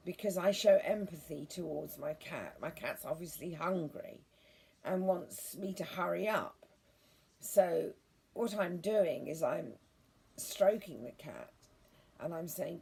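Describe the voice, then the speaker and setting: A woman vlogging in an unhurried, low voice that is deeply husky and breathy. She rambles earnestly and gently, with a gravelly rasp running through her words. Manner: gentle, earnest, meandering with many restarts. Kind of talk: rambling monologue to viewers.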